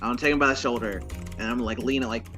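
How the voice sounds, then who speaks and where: A man's voice: mid-range voice, steady tone, very fast, over music. A man from the US South, a player in casual tabletop game chat, playful and amused.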